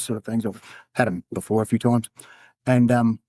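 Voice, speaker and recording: A man with an Australian accent, a podcast guest telling a personal story in a candid, halting way. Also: mid-range voice, steady tone, dark tone, no room sound. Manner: candid, halting, acts out quoted dialogue. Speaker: podcast guest, former undercover police officer.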